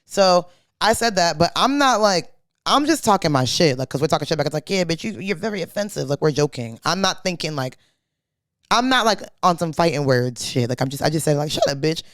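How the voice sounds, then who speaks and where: A woman's voice: low-pitched, animated, fairly quick, dry recording. A young woman co-hosting a podcast, racing through a slangy, profane story and acting out every quote. Her voice sounds close and dry in a studio. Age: young adult. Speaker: podcast co-host. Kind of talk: casual storytelling chat.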